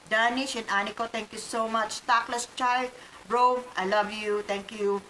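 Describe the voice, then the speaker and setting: A woman with a Filipino accent from the Philippines, reading out casual shout-outs in a vlog, chatty and hesitant with many fillers. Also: on the high side, fairly even intonation, measured pace, echoey room, a little hiss or hum, rough recording. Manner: chatty, hesitant, fillers and Tagalog code-switching. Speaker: vlogger.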